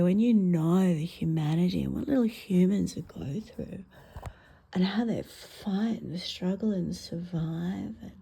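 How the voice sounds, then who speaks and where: A middle-aged Australian woman with a husky, dark-toned voice works through a stand-up set. She rambles from one story to the next, swears freely, and swings between loud, high outbursts and quiet, muttered asides.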